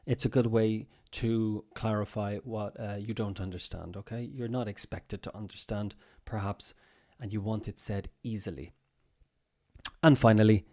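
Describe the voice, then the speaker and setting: Guy teaching english on a stream, lowish voice, slow and clear, says things over for students. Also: a little mellow. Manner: slow, clear, repeats phrases for learners. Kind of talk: live-streamed English lesson.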